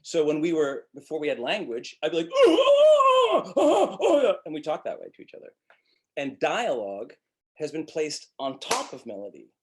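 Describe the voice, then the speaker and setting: A man's voice: on the high side, animated, brisk, slightly rough. A middle-aged man from Montreal teaching acting in a webinar, talking in a very melodic way and demonstrating with vocal sounds. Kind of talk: webinar lecture.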